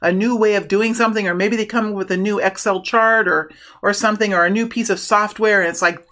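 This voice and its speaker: Excitable woman doing a tarot reading. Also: mid-range voice, fast talker, hardly any pauses. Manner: animated, breaks into excited bursts, many restarts. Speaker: tarot reader. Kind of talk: casual tarot reading monologue.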